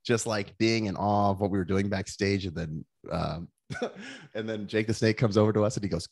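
A man's voice: fairly low pitch, sing-song, normal speed, breathy edge. A middle-aged man, a former wrestler on a podcast, telling rambling stories with many restarts. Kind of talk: casual storytelling.

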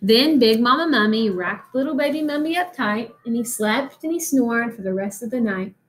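A teacher, a woman whose voice sits on the high side, gives an expressive read-aloud of a picture book for children and stops to quiz them along the way. The recording quality is low.

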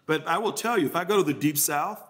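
A man's voice: a little high, quick pace, fairly bright tone. A man from Mississippi with a Southern accent, giving a journalism workshop talk and answering questions, often restarting with repeated words. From Mississippi, USA. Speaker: journalism trainer.

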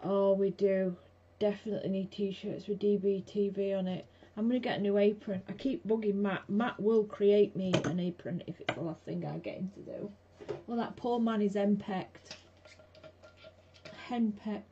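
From her home craft room, a blunt and chatty woman works on crafts live, chatting with her viewers in a casual demo. Her mid-range voice has fairly even intonation and a moderate pace, heard through dull lo-fi audio with a faint hiss.

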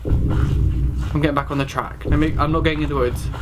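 A man's voice: fairly high pitch, fairly even intonation, moderate pace, background noise. A young man commenting on a horror game he is playing, jumpy and panicky, exclaiming and swearing often. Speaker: gaming channel host.

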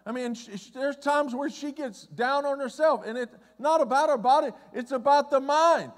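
A man preaching a conversational sermon as pastor, swinging between loud excitement and hushed, low asides. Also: normal speed. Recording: long hall reverb.

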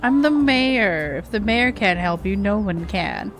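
A woman voicing a lazy, self-important male cat mayor with a low, grand, sleepy manner, reading game dialogue. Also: animated, measured pace, noisy background. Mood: pompous, drowsy.

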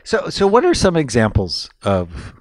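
A man's voice: mid-range voice, wildly swooping pitch, unhurried, no room sound, studio quality. A man co-hosting a podcast, chiming in with short, teasing interjections in casual conversation. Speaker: podcast co-host.

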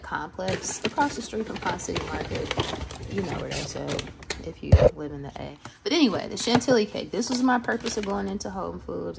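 A woman's voice: lowish voice, vocal fry. A woman, chatting casually to her vlog viewers in a sassy, playful way with salty slang. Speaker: vlogger. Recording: noisy home recording.

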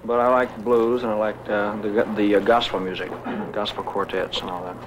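A man, a singer, answering interview questions in a relaxed, folksy way. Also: on the low side, normal speed, a little hiss or hum, poor audio. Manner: relaxed, folksy, with fillers and laughs.

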